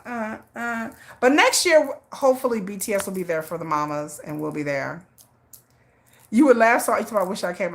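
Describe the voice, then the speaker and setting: A woman hosting a casual livestream, telling stories with lively swings in her voice, acting out her friend's lines and answering viewer chat. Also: fairly low pitch. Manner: animated storytelling, acting out a friend's lines, frequent laughs. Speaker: livestream host.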